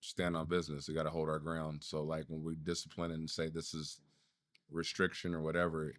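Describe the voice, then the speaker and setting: A man's voice: a bass voice, monotone, a little fast, no echo, studio quality. A man in his thirties co-hosting a casual podcast, telling a parenting story with free swearing, his voice rising as he gets worked up. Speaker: podcast co-host. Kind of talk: casual chat.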